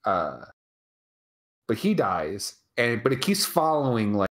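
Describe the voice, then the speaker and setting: Animated, rambling podcast co-host. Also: medium pitch, slow pace. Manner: rambling and animated, swears freely. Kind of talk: casual live chat.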